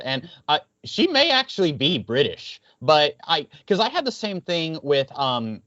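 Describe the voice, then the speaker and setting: A man's voice: fairly high pitch, sing-song, moderate pace, pushed and bright, no echo. A man co-hosting a casual podcast, chatty and wry, rambling through his points. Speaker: podcast co-host. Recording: dull, dry lo-fi audio.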